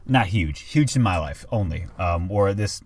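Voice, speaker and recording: A man's voice: deep voice, animated, moderate pace. A young man and father co-hosting a podcast, telling a story in casual chat and swearing often. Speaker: podcast co-host.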